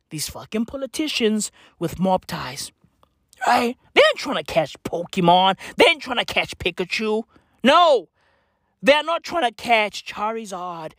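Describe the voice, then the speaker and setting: Woman, comic ranter: high, bouncy pitch, profane slangy bro-talk, excitable outbursts. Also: dry recording, clean studio sound. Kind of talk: comedic rant.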